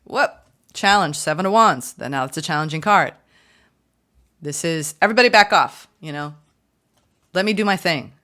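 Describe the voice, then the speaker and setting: A woman reading tarot for her viewers, chatty and upbeat, often gushing with excitement. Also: deep voice, moderate pace, long pauses. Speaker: tarot reader.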